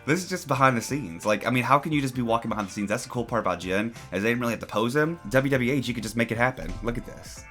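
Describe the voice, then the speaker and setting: A man's voice: medium pitch, lively intonation, fast, few pauses, fairly bright tone, faint music behind. A young man giving casual, playful commentary on photos, gushing with jokey asides. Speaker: YouTube commentary host.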